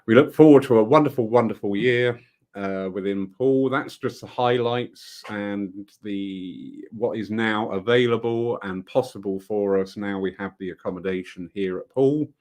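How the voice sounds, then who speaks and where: A man's voice: fairly low pitch, moderate pace. A man giving a rambling, enthusiastic live update to viewers about upcoming events at his centre. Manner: warm, rambling, enthusiastic with frequent laughs. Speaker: spiritualist centre organiser.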